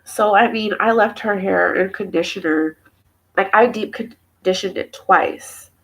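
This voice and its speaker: Tearful woman venting, with a gravelly edge. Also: mid-range voice, unhurried, fairly bright tone, rough recording. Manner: rambling, venting with many fillers. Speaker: mother talking to camera. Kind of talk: emotional personal vlog.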